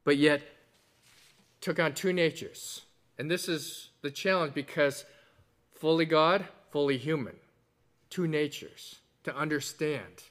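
A man's voice: on the high side, slow pace, a bit bright. A man preaching a sermon in an earnest, explanatory way, with conversational asides and strong emphasis on key words. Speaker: pastor.

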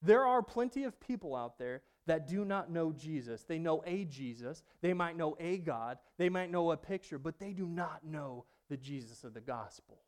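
A man preaching a personal testimony sermon, moving between hushed passages and loud outbursts. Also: a little high, animated, normal speed, few pauses. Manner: dynamic, swings from hushed to loud.

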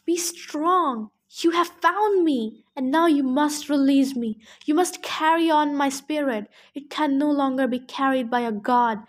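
A woman reading aloud the part of an ancient male nature god, gentle and sorrowful, in a solemn, earnest way. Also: sits high, unhurried, few pauses.

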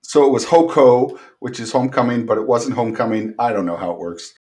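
A middle-aged man from Canada co-hosting a podcast from his basement, chatty and quick with jokes. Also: medium pitch, warm tone. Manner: chatty, jokey. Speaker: podcast co-host. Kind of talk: casual chat. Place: home basement.

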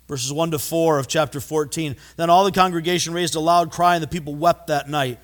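A man preaching a sermon, animated and acting out voices, often stumbling and repeating words. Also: fairly high pitch, measured pace. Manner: animated, acts out voices in quotes. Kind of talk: expository sermon.

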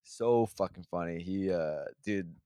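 A man's voice: low voice, unhurried, mellow, clear, resonant tone, no echo, studio quality. A young man casually telling a long, profane story on a podcast, rambling with many restarts and acting out what people said. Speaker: podcast host.

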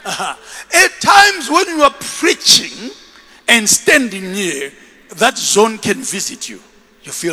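Bishop, male, high and sharp, shouting sermon delivery, echoing church hall. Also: slow. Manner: animated, shouting, with bursts of laughter; calls for congregation repeat-after-me. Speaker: bishop, preacher. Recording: long reverb of a church hall.

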